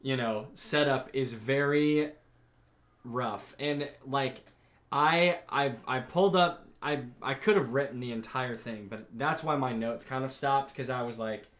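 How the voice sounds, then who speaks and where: Animated young man recapping an anime. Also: medium pitch, measured pace, roomy sound. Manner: animated recapping, reads out scene quotes, swears freely. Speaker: podcast co-host. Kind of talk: casual chat.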